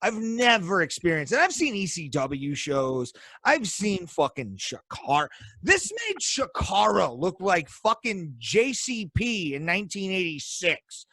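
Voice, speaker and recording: A man's voice: sits high, very animated, unhurried, sharp tone, no room sound. A man co-hosting a podcast, delivering an angry, profanity-heavy rant over a video call. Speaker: podcast co-host. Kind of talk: casual podcast chat.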